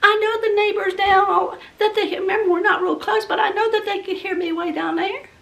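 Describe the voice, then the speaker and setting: A woman's voice: very high voice, fairly even intonation, fairly quick, vocal fry, fairly bright tone, recorded from a distance. A woman vlogger telling a story dramatically and acting out the scenes for her viewers. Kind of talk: animated storytelling vlog.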